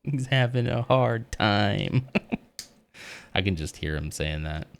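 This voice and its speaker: A man's voice: on the low side, animated, takes it slowly, gravelly, clean tone. A man livestreaming as he builds a Lego set, chatting casually and laughing often at himself.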